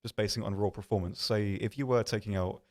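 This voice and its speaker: A man hosting a game livestream from an office, answering viewer questions in a rambling, self-deprecating way with many pauses and restarts. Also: fairly low pitch, steady tone, a little mellow. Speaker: stream host. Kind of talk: casual livestream chat reading viewer questions.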